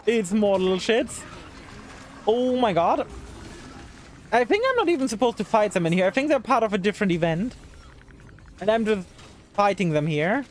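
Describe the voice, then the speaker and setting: A woman's voice: medium pitch, lively intonation, moderate pace, long pauses, slight background noise. A woman streaming live gameplay, talking to the game's characters in exasperation and swearing freely. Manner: exasperated, talks to the game characters.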